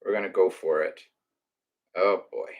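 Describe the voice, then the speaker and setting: A man's voice: low-pitched, fairly even intonation, unhurried. Rambling man ranting on a live stream. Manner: ranting, with filler words and restarts. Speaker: reptile rescue streamer. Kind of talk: casual live-stream chat.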